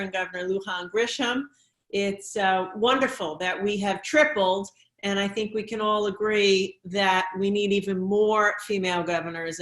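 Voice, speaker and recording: A woman governor moderating a panel, speaking in an upbeat way and praising her fellow panelists. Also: mid-range voice. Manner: upbeat, warm praise, occasional restarts. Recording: echoey room.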